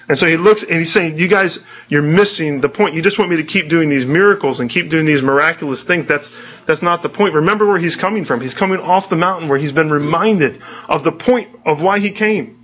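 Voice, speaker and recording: A man's voice: fairly high pitch, fairly quick, fairly bright tone, dull audio. A pastor giving a conversational, earnest sermon, often restarting his sentences.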